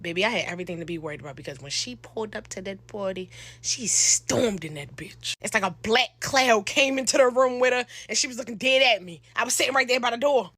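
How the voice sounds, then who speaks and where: Animated young woman telling a storytime. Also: on the high side, quick pace, husky, dry recording. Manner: animated, slangy, acts out quotes with loud shouts. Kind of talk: storytime monologue.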